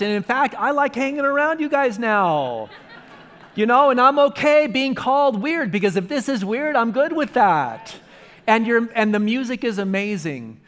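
A man's voice: high voice, a bit bright. A male pastor preaching a sermon in a conversational way, driving points home with emphatic repetition.

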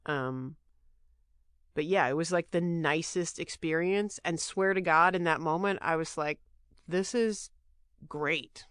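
Smooth-voiced woman chatting casually. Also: low-pitched, a little slow, fairly bright tone, dry recording, clean studio sound. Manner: rambling, restarts sentences. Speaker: podcast guest, actress. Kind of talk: casual chat.

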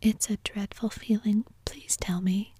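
An eager, emotional orphan girl pours out her pleas in a soft, breathy whisper, as a woman reads her in a whispered role-play. The hush is dark and close, with almost no room around it. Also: mid-range voice, level tone, moderate pace, no room sound. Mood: imploring. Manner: imploring, gushing.

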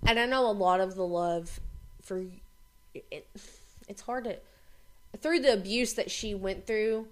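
A young woman chatting candidly on a podcast, blunt and quick to swear. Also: medium pitch. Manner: blunt, heavy swearing, speeds up when worked up. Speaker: podcast co-host. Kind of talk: candid casual chat.

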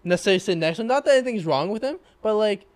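Young man, high pitch, animated, casual storytelling among friends. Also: racing. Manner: animated, acts out quotes, laughs while telling.

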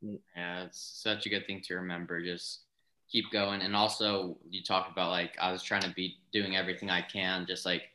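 A young man hosting a podcast, asking hesitant, halting questions in a casual interview. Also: low-pitched, little pitch movement, bright, forceful tone, rough recording. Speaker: podcast host.

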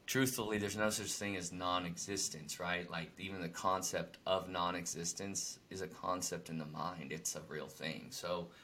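A man co-hosts a casual talk about spiritual ideas, telling his stories in a loose, rambling way full of fillers. His voice is bright and sits on the low side. When he quotes people he turns loud and animated. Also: a little hiss or hum. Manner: animated storytelling, acts out angry quotes loudly. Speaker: podcast co-host.

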